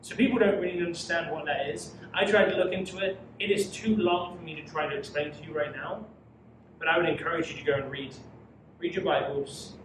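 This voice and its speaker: A man's voice: on the high side, fairly even intonation, brisk. A man teaching a youth Bible study, preaching emphatically and reading scripture dramatically. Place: church room. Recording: echoey room from far off with noise.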